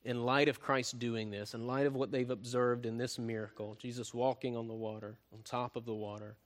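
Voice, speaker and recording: A man preaching a sermon, often tagging points with "right?" and swinging from loud emphasis to soft, quiet delivery. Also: mid-range voice, flat delivery, a little fast. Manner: frequent tag questions "right?", swells louder then drops soft. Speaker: pastor.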